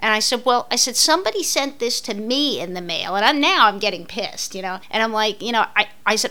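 Woman co-host, story-driven, bright edgy tone, slightly high pitch, acts out the dialogue. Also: a little fast, hardly any pauses. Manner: animated retelling, acting out both sides of an argument. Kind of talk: casual storytelling chat.

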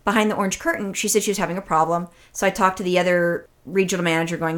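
Woman co-host, casual chat, profane and animated storyteller. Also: lowish voice, very fast, hardly any pauses. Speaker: podcast co-host.

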